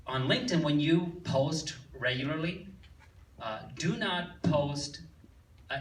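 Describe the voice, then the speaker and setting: A man's voice: mid-range voice, fairly bright tone. A man speaking as a guest at a live seminar, plain and casual with many fillers, often checking in with the audience. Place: event hall with audience. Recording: echoey hall, distant mic, faint room noise.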